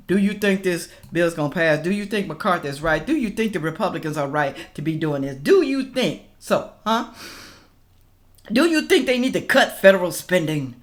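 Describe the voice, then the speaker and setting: Lady vlogger going off at her viewers, pitch jumping all over, laughing in between rants. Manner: animated, ranting, talks straight to viewers. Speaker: political reaction vlogger. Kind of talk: casual reaction commentary.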